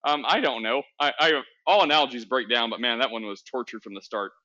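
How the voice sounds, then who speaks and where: A man's voice: medium pitch, fast talker, bright, forceful tone. A man hosting a podcast in casual chat, rambling with many restarts and laughing at himself. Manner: rambling, self-correcting, laughs often. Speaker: podcast host. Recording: dull lo-fi sound.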